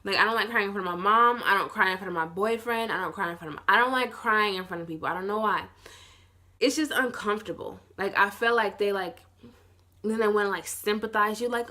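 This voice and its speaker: Bright-voiced young woman telling a story. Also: normal speed. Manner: rambling, heavy use of "like", swearing; acts out quoted people in lower, softer voices. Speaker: vlogger. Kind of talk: casual storytime.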